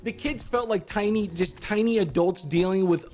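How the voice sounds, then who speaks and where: A man's voice: high-pitched, normal speed, darkish tone, faint music behind. A man co-hosting a casual film discussion, talking in a hesitant way with many stumbling restarts.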